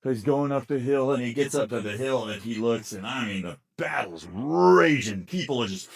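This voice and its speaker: A man at a family gathering telling a long joke, acting out the characters with lively sound effects. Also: medium pitch, fairly quick. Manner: animated storyteller acting out characters. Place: outdoors at a family reunion.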